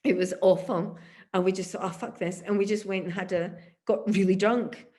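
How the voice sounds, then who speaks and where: A Scottish woman in her fifties, a musician looking back on her life in an oral history interview, telling lively stories and laughing often. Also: mid-range voice, normal speed, a little hiss or hum. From Glasgow, Scotland. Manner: animated storyteller, laughs often.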